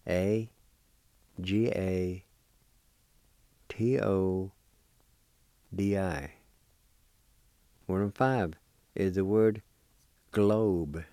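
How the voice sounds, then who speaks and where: Slow, patient man teaching pronunciation. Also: low voice, steady tone, mellow, dry recording. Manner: patient, spells out syllables one by one; encouraging. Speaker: language teacher. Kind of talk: recorded pronunciation lesson.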